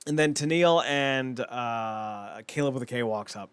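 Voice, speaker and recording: A young man co-hosting a casual podcast, with a voice of middling pitch. He rambles excitably, stumbles through fillers and breaks into laughter often. The sound is close and dry, with no room echo. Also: normal speed, smooth. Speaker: podcast co-host. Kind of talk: casual wrestling chat.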